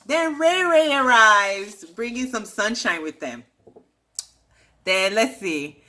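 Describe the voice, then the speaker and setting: A woman's voice: a little high, animated, takes it slowly, sharp tone. A woman casually recapping a reality show, chatty and slangy, dropping opinionated asides.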